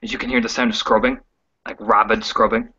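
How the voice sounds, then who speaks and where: A man narrating a tabletop role-playing game as game master, describing scenes in a halting way with fillers. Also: lowish voice, little pitch movement, sharp tone, husky, dull audio.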